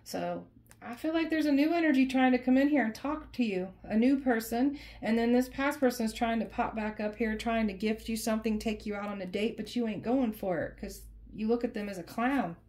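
A woman's voice: on the high side, fairly quick, darkish tone. A woman doing a casual tarot reading for viewers, talking in an emphatic, conversational way and often repeating her phrases. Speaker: tarot reader.

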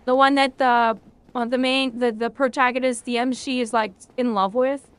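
A woman's voice: on the high side, steady tone, normal speed, smooth, dry recording. A woman streaming a video game, chatting casually with her chat, rambling and swearing freely.

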